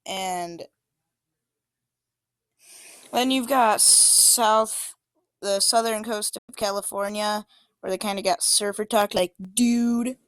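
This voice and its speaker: A woman's voice: medium pitch, steady tone, takes it slowly, long pauses, a bit bright, no room sound. A woman giving an informal presentation about maps, talking casually with many fillers and small restarts. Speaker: student presenter.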